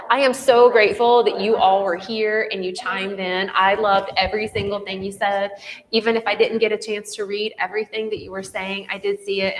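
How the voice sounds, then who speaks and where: Chatty woman host in a reverberant room. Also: mid-range voice. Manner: chatty, loose, many fillers. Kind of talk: casual chat.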